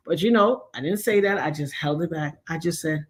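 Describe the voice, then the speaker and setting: Animated middle-aged woman telling stories. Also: low-pitched, fairly quick. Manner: animated, chatty, acts out quoted voices. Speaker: livestream host. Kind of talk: casual storytelling chat.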